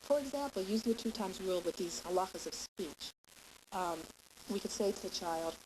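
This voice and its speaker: A woman's voice: mid-range voice, animated, moderate pace. A woman giving a parenting lecture to a class, explaining step by step and often checking in with "okay?". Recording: hissy lecture recording.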